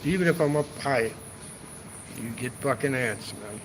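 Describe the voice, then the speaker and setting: On a travel livestream from an outdoor hotel rooftop seating area, a travel vlogger chats casually in a mid-range voice, a little slow, with background noise. He rambles, swears and ends his sentences with "man".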